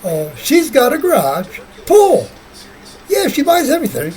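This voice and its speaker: A man's voice: very high-pitched, huge pitch swings, unhurried, darkish tone, low-quality recording. A man vlogging in a rambling casual monologue, often repeating himself and restarting sentences.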